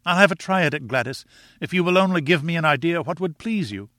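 A man's voice: a little high, expressive, quick pace, bright, forceful tone, no echo, clean studio sound, voice pushed up. A man reading aloud voices an earnest, lovestruck young man who pleads eagerly with the woman he loves.

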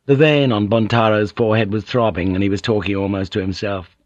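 A man narrating an audiobook in a measured, steady way. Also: fairly low pitch, no echo, dull audio. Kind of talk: scripted narration.

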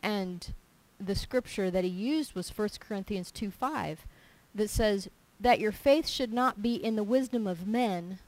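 A woman's voice: medium pitch, unhurried, few pauses, rough recording. Emphatic woman preaching a homey sermon. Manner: animated storytelling, acting out little dialogues in her own voice; emphatic and repetitive. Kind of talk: informal sermon with personal stories.

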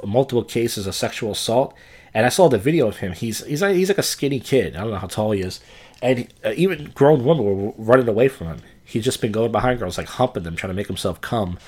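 A man's voice: on the low side, darkish tone, slightly rough. A man hosting a casual podcast, reading odd headlines and tossing in crude, offhand remarks, often stumbling and restarting as he reads. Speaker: podcast host.

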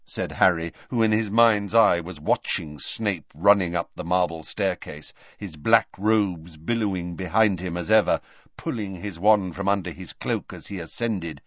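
A man narrating an audiobook with an expressive, varied delivery. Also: sits low, a little slow, no room sound, dull audio. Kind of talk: scripted narration.

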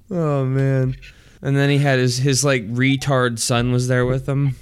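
A man's voice: medium pitch, flat delivery, unhurried, clean tone. A man hosting a podcast in crude, profane casual chat, often laughing mid-sentence. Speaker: podcast host.

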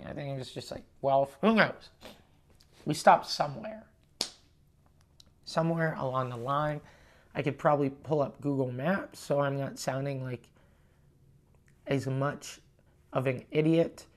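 A man's voice: fairly high pitch, steady tone, normal speed, long pauses. A young man from Canada hosting a podcast, telling a story in a casual, profane, ranting and self-mocking way. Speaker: podcast host.

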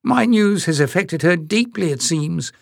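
A man's voice: a little high, lively intonation, measured pace, gravelly, no echo, studio quality, voice pushed up. A man voicing a sly, scheming man who whimpers and wheedles while feigning weakness. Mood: whimpering.

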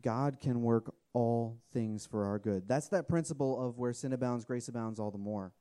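Man, 30s, mellow-voiced, informal earnest sermon delivery. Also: mid-range voice, normal speed. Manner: earnest, conversational, often restarts and asks "okay?". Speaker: preacher.

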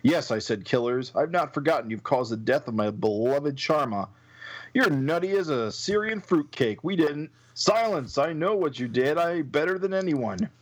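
A man's voice: fairly high pitch, expressive, moderate pace, poor audio. A man reading a comic aloud and voicing a scheming, vengeful male villain with grandiose, menacing speeches. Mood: threatening.

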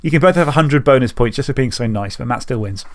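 A man's voice: medium pitch, fast talker. Guy hosting a podcast, cracking jokes, winding the show down. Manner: jokey, wraps up the show. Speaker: podcast host. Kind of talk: casual podcast chat.

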